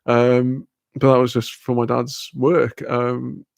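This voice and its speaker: A man's voice: mid-range voice, level tone, takes it slowly, vocal fry, dry recording. A young man chatting casually on a livestream, rambling and swearing freely. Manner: rambling, swearing, laughing often. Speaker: streamer.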